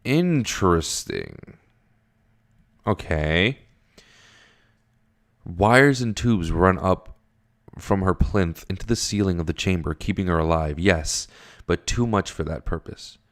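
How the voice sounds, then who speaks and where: A man with a very low voice reads a webcomic aloud and comments as he goes. He sounds sleepy at this early hour, rambles, and swears freely, and his voice jumps up high whenever something surprises him. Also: expressive, slow pace, pauses often. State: tired early morning. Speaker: webcomic reader. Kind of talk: casual reading and commentary.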